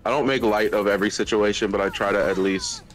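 A man's voice: fairly low pitch, fairly even intonation, quick pace, poor audio. A man co-hosting a stream, chatting earnestly and jokingly about himself. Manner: earnest, chatty, self-deprecating. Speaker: co-host streamer. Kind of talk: casual chat.

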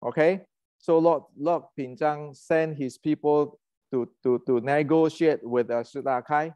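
A man's voice: fairly high pitch, fairly even intonation, measured pace, mellow, clean tone, dry recording. Heated man. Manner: heated, ranting, many restarts and fillers. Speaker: martial arts channel host. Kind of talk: casual lecture.

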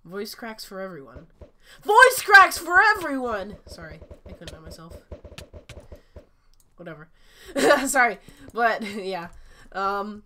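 A woman giving excitable, chatty gameplay commentary while sick, her voice cracking often. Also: mid-range voice, takes it slowly, long pauses, slight background noise. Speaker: gaming channel host.

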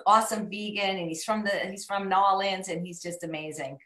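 A woman's voice: medium pitch, steady tone, a little fast, pushed and bright. A woman hosting a live cooking stream, chatting with enthusiasm and curious questions. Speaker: host of a live cooking show. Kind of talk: casual live-stream chat. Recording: roomy echo.

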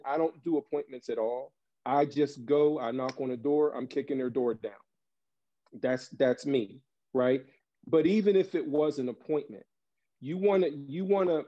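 A man giving an animated, conversational training talk to sales agents, telling stories and acting out door-knocking scenes. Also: on the high side, highs cut off. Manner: animated, storytelling, conversational with fillers. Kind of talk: energetic training talk with role-play.

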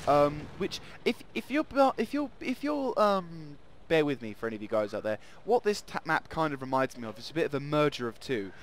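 A man's voice: on the high side, big pitch swings, a little fast, few pauses. A man hosting casual gameplay commentary, rambling and playful, often laughing. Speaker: gaming channel host.

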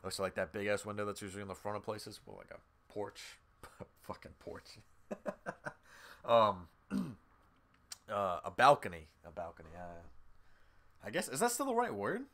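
A man's voice: lowish voice, animated, normal speed, gravelly, fairly bright tone. A man streaming a game live, commenting casually, swearing freely and reading the on-screen text aloud. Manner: swears freely and talks straight to viewers. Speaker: gaming streamer.

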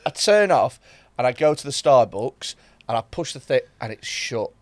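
A man's voice: mid-range voice, big pitch swings, normal speed. Laughing rambling man telling a story. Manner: rambling, restarts often, laughs at himself. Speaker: podcast co-host. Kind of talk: casual comedic storytelling.

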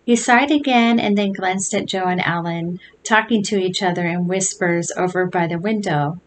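A woman reading a children's chapter book aloud in an expressive storytelling manner. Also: on the low side, moderate pace, hardly any pauses, slight background noise, low-quality recording.

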